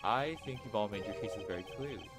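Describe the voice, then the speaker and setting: A man's voice: on the low side, fairly quick, natural voice. A man playing Excelsius Winter, teary old uncle. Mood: sentimental, avuncular. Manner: grandfatherly and teary. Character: genial elderly man, sentimental, theatrical, fatherly. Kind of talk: fan voice-over of a game. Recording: game music playing behind.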